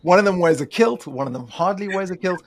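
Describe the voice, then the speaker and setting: A man's voice: high voice, animated, fast. A man co-hosting a casual interview, telling stories in a playful, joking way.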